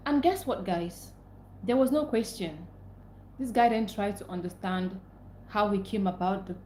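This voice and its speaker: A woman's voice: mid-range voice, a little mellow, echoey room, a little hiss or hum. Angry woman venting on a livestream. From Nigeria. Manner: angry, venting, repeating herself. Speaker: livestream host. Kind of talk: casual live stream rant.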